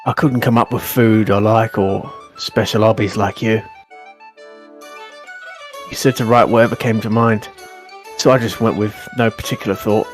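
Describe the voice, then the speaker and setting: A man's voice: fairly low pitch, fairly even intonation, normal speed, long pauses, faint music behind, lightly acted. A man voicing a sleepy, terse young male student who talks in a tired, curt way. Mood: flat. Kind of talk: visual novel voice acting.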